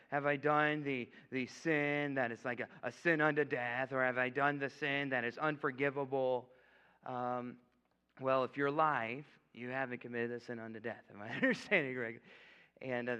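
A man's voice: medium pitch, sharp tone, smooth. A young man preaching a casual, joking sermon with an altar call, tossing in frequent "okay?" asides. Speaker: guest preacher. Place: church sanctuary. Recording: echoey hall, dull lo-fi sound.

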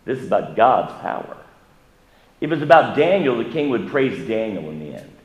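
Conversational preacher in an echoey church hall. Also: male voice, sing-song, moderate pace. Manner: conversational preaching with questions to the congregation; rises in pitch and volume for emphasis. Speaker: pastor. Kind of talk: sermon. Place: church sanctuary.

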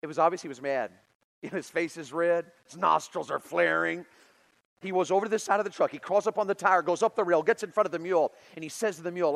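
High-voiced middle-aged male preacher. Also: fast, gravelly, poor audio. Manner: animated storytelling with big swings in loudness. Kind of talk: sermon.

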